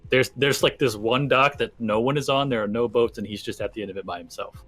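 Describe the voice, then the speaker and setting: A man's voice: mid-range voice, brisk, fairly bright tone. A man running a tabletop game as dungeon master, describing scenes with many fillers.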